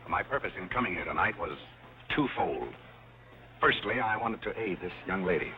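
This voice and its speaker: This is a drily witty, urbane drifter turned butler, speaking in a low, unhurried voice. He sounds understated and amused, and the old film soundtrack is dull and muffled. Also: lively intonation. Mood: wry. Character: suave forgotten man turned butler, dry wit.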